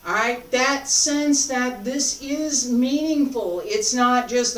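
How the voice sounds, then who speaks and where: A woman instructor leading a martial arts practice, giving calm, repeated cues and asking questions as she demonstrates. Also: fairly high pitch, takes it slowly, few pauses. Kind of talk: teaching while demonstrating. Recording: echoey room, voice from a distance.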